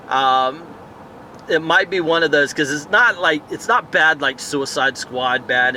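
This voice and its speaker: A man's voice: medium pitch, pushed and bright, slight background noise. A man giving a casual, rambling movie review outdoors at night, thinking aloud with many fillers and tangents. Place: outdoors in a town area at night.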